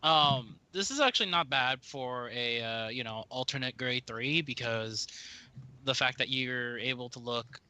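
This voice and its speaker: A man on a podcast panel with a very bright, sharp-edged voice. He rambles through his thoughts, stringing them together with "uh" and "you know". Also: medium pitch, a little slow. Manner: rambling, filler-heavy. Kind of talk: casual chat.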